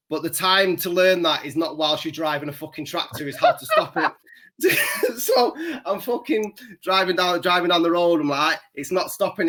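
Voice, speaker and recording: Bright-voiced man telling a story. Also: a little high. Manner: rambling, swears constantly, laughs at his own story. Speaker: podcast co-host. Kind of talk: casual storytelling chat.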